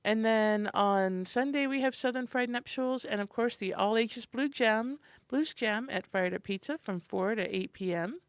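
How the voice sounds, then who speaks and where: A woman's voice: a little high, normal speed, few pauses, smooth, no room sound. A woman co-hosting a morning radio show, cheerfully running through a list of community events. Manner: chatty and enthusiastic, reading a calendar. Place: radio studio. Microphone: studio microphone.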